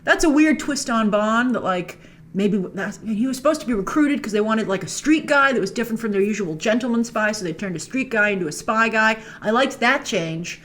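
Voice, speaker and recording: A woman hosts a trailer breakdown, her slightly high voice bright, fairly quick, and lively in intonation. She reviews the film casually and playfully, thinking aloud with plenty of asides.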